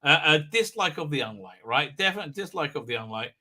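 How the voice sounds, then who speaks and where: A man's voice: a little high, animated, fairly quick, bright, forceful tone. A man hosting a livestream, giving a rambling, sarcastic commentary, full of fillers and restarts. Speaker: livestream host reviewing a TV episode.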